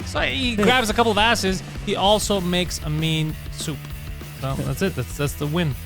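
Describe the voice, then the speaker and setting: A man co-hosting a comedy podcast, trading deadpan jokes and laughing often. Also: high voice, normal speed, gravelly, soft background music. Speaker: podcast co-host. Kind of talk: casual comedy podcast banter.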